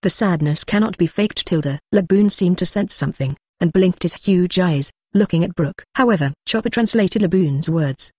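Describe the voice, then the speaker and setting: A text-to-speech voice reading an audiobook as narrator, with an even machine-read delivery. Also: medium pitch, normal speed, hardly any pauses, slightly rough, no echo, studio quality. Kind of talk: scripted narration read aloud.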